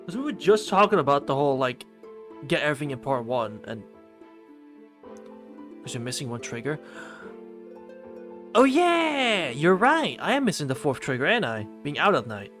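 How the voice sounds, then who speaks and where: A male streamer reading a visual novel aloud and reacting casually, animated and swearing freely while he talks to chat. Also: medium pitch, fairly quick, pauses often, soft background music.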